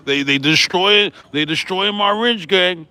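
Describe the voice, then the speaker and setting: High-voiced man ranting on his channel. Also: bright, forceful tone, slight background noise. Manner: profane, combative, repeats "right?"; laughs often while ranting. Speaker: YouTube host. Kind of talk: heated vlog rant.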